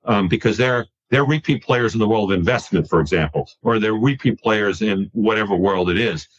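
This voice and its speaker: A man from New York talking in a casual podcast conversation, animated and quick to repeat himself when excited. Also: on the low side, dull audio.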